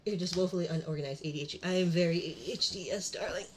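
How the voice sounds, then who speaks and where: Her fairly low voice racing, a young woman mutters and rambles self-deprecating comments while getting her home-desk live stream ready. The casual chat comes with slight background noise.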